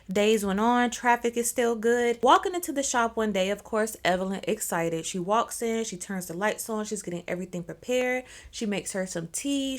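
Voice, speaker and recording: A young woman telling a story in a casual, chatty way, with slangy asides to her viewers. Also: medium pitch. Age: young adult. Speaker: storyteller host.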